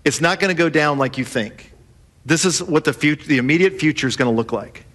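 Male pastor with a high voice. Lively sermon delivery, acts out the quoted voices. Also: fairly quick.

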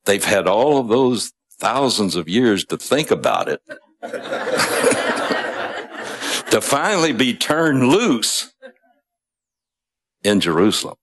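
A man's voice: on the low side, sing-song, takes it slowly, pauses often, fairly bright tone. A man preaching a sermon, retelling a story in a conversational way with asides and small chuckles.

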